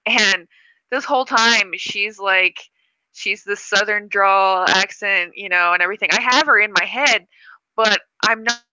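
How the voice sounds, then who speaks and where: A woman's voice: medium pitch, a little slow, smooth, rough recording. A woman co-hosting a live stream, chatting casually and telling stories with frequent giggles. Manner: giggly, animated. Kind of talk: casual chat and storytelling. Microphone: computer mic on a video call.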